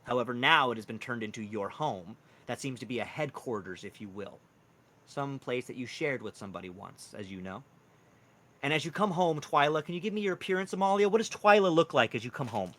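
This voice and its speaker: A man's voice: mid-range voice, expressive, a little fast, a bit bright. A man narrating a tabletop role-playing game as game master in a casual, rambling way. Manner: casual, lots of "like" and "kind of".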